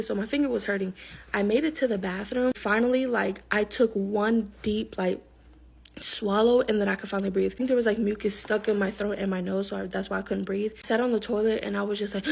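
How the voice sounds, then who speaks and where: A young woman telling a personal story in a rapid, emphatic way, acting out the people she quotes. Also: mid-range voice, gravelly, slightly rough. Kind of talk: storytime narration.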